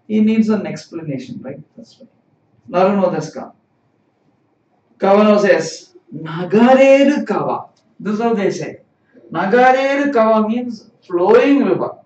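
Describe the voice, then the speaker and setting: A man's voice: high voice, normal speed, darkish tone. A man teaching a live-streamed language lesson, explaining patiently and repeating phrases. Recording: roomy, distant, dull sound.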